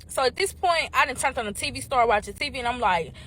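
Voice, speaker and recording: A young woman telling a story to her viewers in a casual, animated way, swearing freely and talking straight to the audience. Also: high-pitched, fast talker. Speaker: storytime vlogger.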